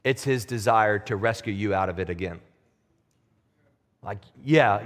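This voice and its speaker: A man's voice: lowish voice, measured pace, in a large hall. A man preaching a sermon as pastor, in a conversational, plain-spoken way that builds to emphatic peaks. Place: church sanctuary.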